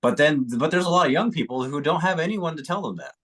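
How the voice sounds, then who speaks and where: A man's voice: fairly high pitch, fast talker, a bit bright. A man co-hosting a podcast in casual chat, reflective and rambling, with casual swearing. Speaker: podcast co-host.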